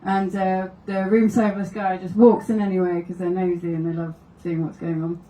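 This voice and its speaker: A woman's voice: lowish voice, flat delivery, normal speed, warm tone, roomy sound, distant mic, poor audio. A woman doing stand-up, telling wry anecdotes and laughing through her stories at a live comedy venue. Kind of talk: stand-up storytelling.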